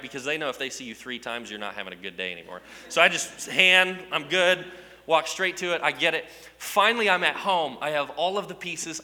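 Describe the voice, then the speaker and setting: Bright, sharp-voiced man telling a story. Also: fairly high pitch, in a large hall. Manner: animated, self-mocking, asks the audience questions. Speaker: speaker addressing a live audience. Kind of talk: humorous storytelling to an audience.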